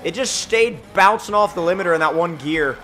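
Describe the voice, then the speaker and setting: Excitable guy talking over his racing gameplay, high voice, faint hiss behind. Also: fairly quick. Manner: excitable, jokey, rambling. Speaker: gaming channel host. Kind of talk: gameplay commentary.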